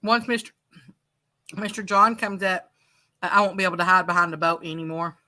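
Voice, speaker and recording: A woman's voice: fairly low pitch, level tone, brisk, pushed and bright. A woman from Arkansas hosting a casual fishing livestream, chatty and giggly. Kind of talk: casual chat.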